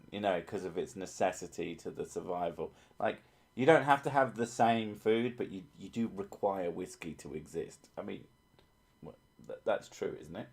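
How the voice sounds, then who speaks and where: A man hosting a casual livestream, reading out chat and joking with a lot of swearing. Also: lowish voice. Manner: profane, joking, easily sidetracked.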